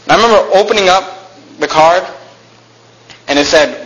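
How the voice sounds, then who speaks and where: A man telling a personal story aloud in a reflective, halting way, often restarting his phrases and slowing down at the heavy moments. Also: high voice, a bit bright, a little hiss or hum, poor audio.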